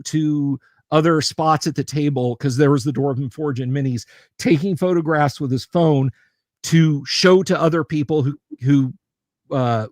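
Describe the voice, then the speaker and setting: A man's voice: fairly high pitch, no room sound. Man, middle-aged, livestream host, casual storytelling, repeats himself when sincere, dry close sound. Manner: storytelling that acts out other people's lines; stammering restarts when sincere. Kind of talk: casual chat.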